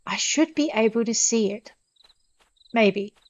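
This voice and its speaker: A woman's voice: a little high, a little slow. Chatty woman doing game commentary, pokes fun at herself, talks to the viewers, kinda muffled lo-fi mic. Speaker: gameplay narrator. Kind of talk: casual let's-play commentary.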